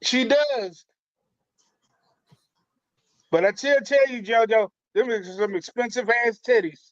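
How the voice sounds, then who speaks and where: A male comedian chatting in a laid-back, unhurried way. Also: extremely high pitch, no echo, muffled recording. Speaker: stand-up comedian guest. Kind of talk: casual chat.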